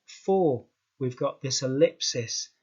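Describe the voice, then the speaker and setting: A man with a British accent, teaching an English exam skills lesson in a slow, emphatic way, repeating words for stress. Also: medium pitch, lively intonation, a little mellow, breathy edge. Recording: dull lo-fi sound.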